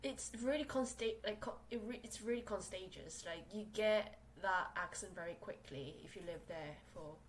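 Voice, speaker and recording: A young South Korean woman, speaking English as her second language, hosts a casual solo podcast from her small room, rambling with plenty of fillers and restarts. Her voice is mid-range at a normal speed with hardly any pauses. The low-quality recording carries slight background noise.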